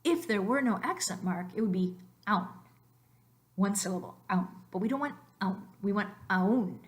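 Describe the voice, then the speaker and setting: A woman narrating a slide lesson on Spanish phonetics, explaining patiently and slowing down to stress key words. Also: mid-range voice, animated. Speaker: Spanish teacher.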